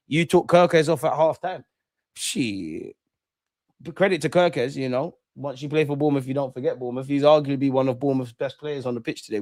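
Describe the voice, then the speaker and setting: Gloating football streamer, dry sound. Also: male voice, fairly high pitch, dry recording. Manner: excitable, gloating banter with slang. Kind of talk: live football watchalong commentary.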